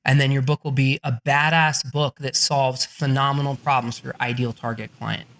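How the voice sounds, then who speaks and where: A man speaking as a podcast guest, giving energetic advice in a brash, profane way. He acts out the people he quotes. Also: mid-range voice, moderate pace. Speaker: guest author.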